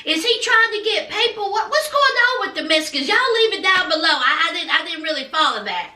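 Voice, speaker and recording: A woman's voice: very high voice, lively intonation, a little fast, sharp tone, distant mic. A woman chatting through a TV recap, sassy and gossipy, calling her viewers "honey" and "child.". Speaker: TV recap vlogger. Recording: echoey room, voice off-mic.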